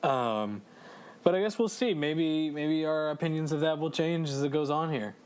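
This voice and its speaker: A man co-hosting a podcast in casual chat, excitable, swearing and laughing as he talks through a game. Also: a little high, normal speed, clear, resonant tone. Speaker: podcast co-host.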